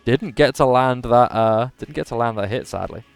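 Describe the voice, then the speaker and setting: A man calls a live video game tournament in a punchy, emphatic commentator voice and chats with his viewers between the plays. His voice sounds a little worn and strained. Faint music runs quietly underneath. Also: mid-range voice, moderate pace, gravelly, smooth, no room sound. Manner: animated commentator voice, says his voice is going. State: slightly strained voice.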